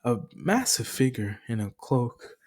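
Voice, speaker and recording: A man's voice: medium pitch, sing-song, a little slow. A young man casually retelling a fan story, rambling with many fillers and chuckles.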